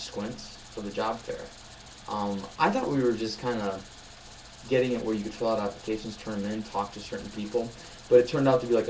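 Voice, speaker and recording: A man's voice: fairly low pitch, darkish tone, slight background noise, poor audio. A young man vlogging in a casual chat, telling rambling, upbeat stories full of fillers.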